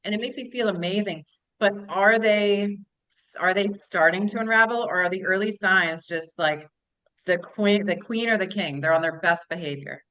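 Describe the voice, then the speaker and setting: A woman's voice: medium pitch, normal speed, a bit bright, muffled recording. A woman hosting an interview, asking questions in a casual, direct way. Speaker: host.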